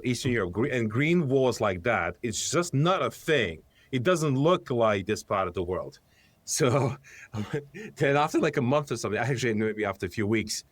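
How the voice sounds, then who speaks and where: A man with a mid-range voice talks as a guest on a podcast, easygoing and conversational. He pauses now and then to find his words, and the recording is dry with no room sound. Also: medium pitch, no room sound. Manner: relaxed, searching for words, a few restarts. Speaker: company founder, podcast guest. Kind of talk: casual interview conversation.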